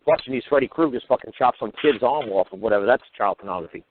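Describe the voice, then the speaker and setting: Fast-talking man ranting on tinny radio. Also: medium pitch, lively intonation, slight background noise. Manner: crude, mocking, swearing constantly. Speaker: radio talk show host. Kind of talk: profane ranting monologue. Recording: tinny phone-line radio audio.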